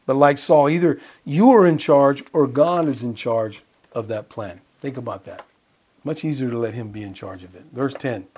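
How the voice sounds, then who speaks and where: A man's voice: mid-range voice, lively intonation, moderate pace, a little mellow, slightly rough. A man preaching a conversational sermon and Bible study, chuckling and putting questions to his listeners.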